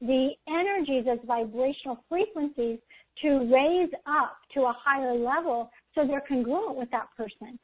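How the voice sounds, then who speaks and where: High-voiced woman giving spiritual readings. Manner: soothing, guiding, often checks in with "okay?". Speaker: intuitive reader, show host. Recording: tinny phone-like line.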